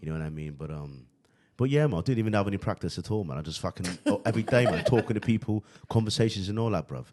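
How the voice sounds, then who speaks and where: Low, fast-talking young man hosting. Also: animated, darkish tone. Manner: rambling, swears, keeps saying "you know what I mean". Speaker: podcast host. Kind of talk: casual podcast chat.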